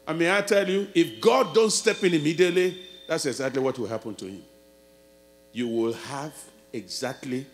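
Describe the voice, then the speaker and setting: A man with a high voice delivers a sermon. His telling goes hushed and intimate, then rises to full-throated shouting. A steady electrical hum sits under the recording. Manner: swings from quiet storytelling to loud shouted preaching. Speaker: pastor.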